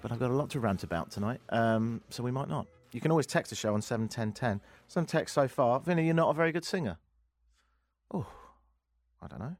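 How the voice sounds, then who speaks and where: A man hosting a talk radio show, ranting sarcastically with lively asides from a studio microphone. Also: mid-range voice, brisk, no room sound, faint music behind. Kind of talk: opinionated talk radio monologue.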